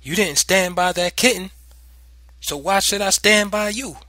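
A man's voice: on the high side, moderate pace, no echo, pitched above the performer's own voice. A man voicing a stern mother who scolds and taunts her young son in a dry, close recording. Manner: sharp, commanding, taunting.

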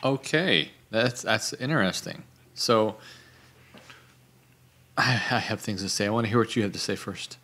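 A man co-hosting a podcast in casual chat, halting and restarting as he thinks aloud. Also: lowish voice, pushed and bright, slight background noise. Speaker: podcast co-host.

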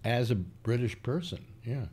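A man's voice: medium pitch, moderate pace, husky. An older man, the show's host, chatting casually and telling rambling stories with lots of fillers. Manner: rambling, animated storytelling with many fillers. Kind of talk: casual chat.

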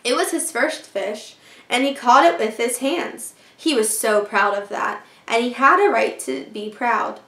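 A fairly high-voiced woman reads a children's chapter book aloud, gentle and storytelling, as a teacher would. The sound is roomy and echoey. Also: measured pace. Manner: gentle storytelling, voicing characters lightly.

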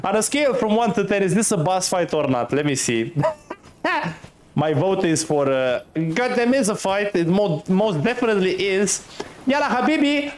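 A man commentating his first play of a game, excitable, laughing often and swearing casually at enemies. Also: high-pitched, moderate pace, slight background noise. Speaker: gaming streamer.

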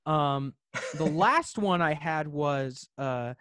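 A man's voice: a little high, slow, a bit bright, smooth, no room sound, studio quality. A young man chatting casually as a podcast guest, hesitant and jokey, with many restarts. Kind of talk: casual chat.

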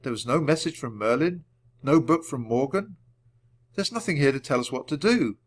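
A man's voice: mid-range voice, lively intonation, moderate pace, breathy edge. A man voicing a careful, bookish young boy in a children's audiobook reading, earnest and sensible.

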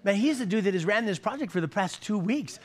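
A pastor in his fifties, his voice a touch higher than most men's, preaches a sermon to his congregation. He is animated and fast-talking, with a folksy, joking style, often doubling back and repeating words before landing a point.

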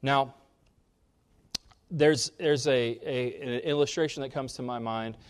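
Male pastor, mid-range voice, sermon delivery with strong emphatic rises and quiet drops. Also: unhurried, smooth. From Kansas. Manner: preaching with big swings in pitch and loudness, rising sharply on key points.

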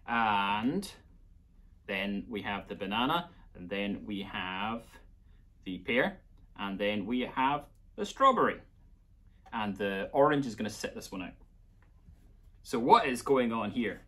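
A man's voice: on the low side, lively intonation, a little slow, long pauses, bright, forceful tone. A man with a Scottish accent teaching a playful children's music lesson, coaxing young listeners along.

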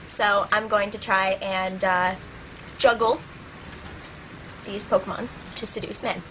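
A woman's voice: medium pitch, moderate pace, fairly bright tone, slight background noise. A young woman vlogging in a playful, joking, goofy way. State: out of breath. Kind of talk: casual comedic vlog.

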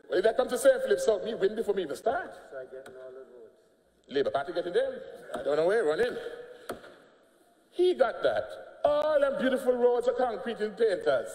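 A man's voice: high-pitched, very animated, moderate pace, pauses often, mellow. An older man with an Antiguan accent giving a combative, mocking speech in parliament. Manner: combative, mocking, laughing jabs. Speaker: politician speaking in parliament. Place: parliament chamber. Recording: echoey chamber, long reverb.

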